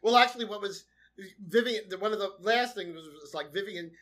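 A man co-hosting a podcast, recapping a sitcom episode in casual chat, often murmuring soft agreement. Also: high-pitched, a little fast. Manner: chatty, with many soft backchannel murmurs. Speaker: podcast co-host.

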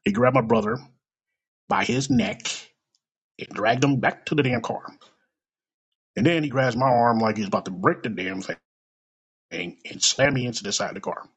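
A man tells a story from his own life with a rough, gravelly and husky voice. His pitch rises and falls in lively swings. He speaks bluntly, swears freely and puts raw emotion into the telling. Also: normal speed, pauses often, muffled recording. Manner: blunt, profane, emotional retelling. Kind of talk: personal story told aloud.

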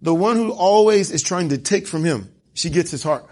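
Man, preacher, sermon, conversational, dramatic scripture quotes, higher pitch, slightly husky. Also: expressive, moderate pace, darkish tone.

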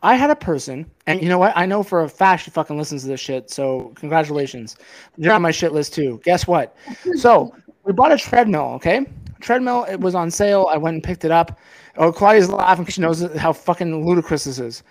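Venting heatedly on a filmed podcast set, a fired-up man with a somewhat high voice talks a little fast, cursing liberally and cutting across his co-host. It's a casual, profane rant, not calm speech.

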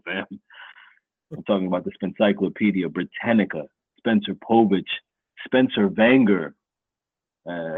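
A man's voice: low voice, husky, dry recording. A man hosting a casual sports podcast, giving playful hype-man introductions and chatting loosely about football. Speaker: podcast host. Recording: phone-like narrow sound.

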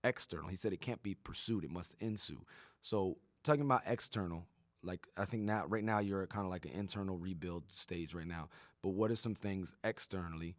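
A man's voice: low-pitched, fairly quick, no echo, clean studio sound. A man hosting a podcast in casual chat, rambling and profane, often tagging his points with "right?". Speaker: podcast host.

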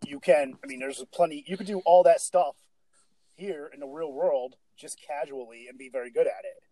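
A man's voice: a little high, normal speed, dark tone, rough recording. A man in a casual movie discussion, giving firm, emphatic opinions.

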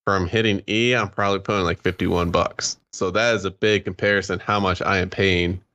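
Excitable dude cohosting a podcast, low pitch but bright edgy tone. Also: male voice, fairly quick, lo-fi sound. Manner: animated, exclaiming, swears. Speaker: podcast co-host. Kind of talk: casual chat.

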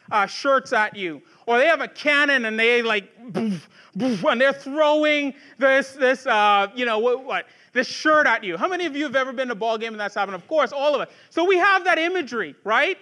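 High, bright-voiced preaching pastor. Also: male voice. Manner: preaching with rising fervor and rhetorical questions; conversational, with restarts and asides to the congregation. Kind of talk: sermon.

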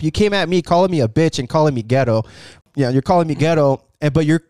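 A man's voice: a little high, fast talker, no room sound, studio quality. A young man telling a story in casual chat, acting out the people in it with lots of swearing. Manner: animated, acts out quotes with swearing.

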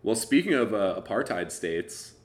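A man's voice: fairly low pitch, very animated, normal speed, crowd noise. A young man co-hosting a podcast, trading crude, irreverent banter. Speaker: podcast co-host. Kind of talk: casual comedic chat.

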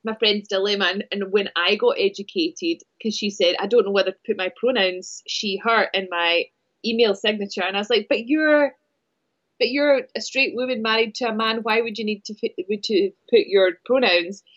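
A woman's voice: mid-range voice, moderate pace, a bit bright. Girl cohosting a chatty podcast, teasing, laughs a lot, kinda muffled sound. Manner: playful, teasing, laughs often. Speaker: podcast co-host. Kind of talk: casual chat.

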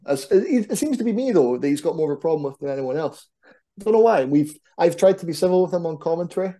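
Mellow-voiced man chatting animatedly. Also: fairly high pitch. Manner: animated, self-deprecating, rambling. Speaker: podcast guest, wrestler. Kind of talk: casual chat.

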